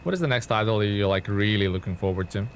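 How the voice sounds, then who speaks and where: A fairly low-voiced, animated man talks fast during a live game stream, rambling and restarting his sentences as he chats with viewers. He calls out chatters by name, with slight background noise behind him.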